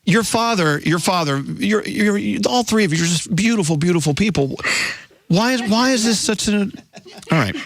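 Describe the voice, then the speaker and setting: A man's voice: sits high, animated, moderate pace, no echo. A middle-aged man hosting a radio show, asking questions with playful, teasing banter. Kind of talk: morning radio interview. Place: radio studio.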